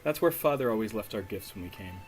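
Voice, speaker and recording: A man's voice: fairly low pitch, animated, quick pace, pitched below the performer's own voice, lightly acted, poor audio. A man reading the lines of an earnest young woman heroine aloud in a game, in his own voice. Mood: wistful. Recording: faint music underneath.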